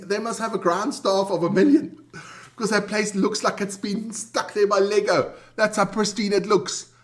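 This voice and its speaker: A man co-hosting a sports chat show from South Africa, loud and jokey, swearing and greeting his chat viewers. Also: very high-pitched.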